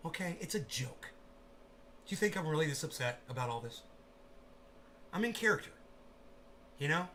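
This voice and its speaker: A man livestreaming a profane rant, who swears constantly, bursts into shouting and acts out scenes in quoted voices. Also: on the high side, very animated, moderate pace, pauses often, slight background noise.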